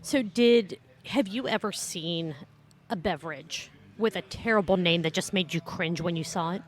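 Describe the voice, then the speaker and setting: A woman's voice: on the low side, moderate pace. A woman co-hosting a podcast in casual chat, chatty and teasing. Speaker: podcast co-host.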